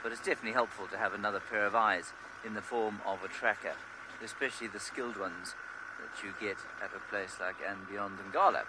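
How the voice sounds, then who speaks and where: A man working as a safari guide, giving relaxed, chatty commentary from an open vehicle on a live game drive. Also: on the low side, fairly quick. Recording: outdoor mic with clear background noise.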